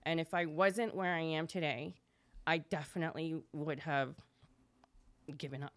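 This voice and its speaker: A young adult woman, a podcast guest, telling her story in casual chat, chatty and quick, jumping higher when she acts out what others said. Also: fairly even intonation.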